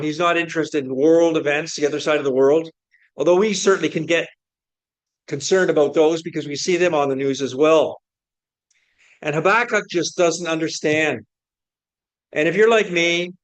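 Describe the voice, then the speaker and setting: A man preaching a sermon to a congregation in a church, speaking in a measured way and building his points with repeated rhetorical questions. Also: a little high. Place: church sanctuary before a congregation.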